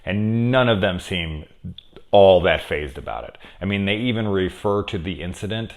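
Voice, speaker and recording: Deep-voiced man rambling through a movie review. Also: brisk. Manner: rambling, profane and enthusiastic, with many fillers. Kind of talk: casual spoiler review.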